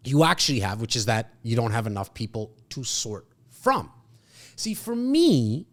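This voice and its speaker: Animated man coaching on sales. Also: mid-range voice. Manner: animated, emphatic, acts out clients' thoughts. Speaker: real estate sales coach. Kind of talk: coaching talk to an audience.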